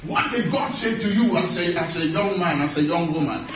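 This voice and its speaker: A man's voice: fairly high pitch, moderate pace, noisy background. A man preaching a sermon in a church, emphatic, repeating short phrases and laughing often. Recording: echoey church hall, mic at a distance.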